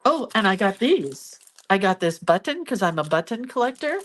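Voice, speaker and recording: A woman's voice: medium pitch, moderate pace. Emotional middle-aged woman telling a story. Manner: emotional, animated retelling with sighs and laughs. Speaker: vlogger. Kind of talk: casual storytelling to camera.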